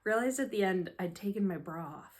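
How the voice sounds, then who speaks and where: A woman's voice: mid-range voice, animated, a little fast. Chatty self-mocking woman vlogger, lilt. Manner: self-deprecating, sarcastic, laughs a lot. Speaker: hobby vlogger. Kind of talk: casual chatty vlog. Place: home room, seated at a tray table. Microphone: phone camera.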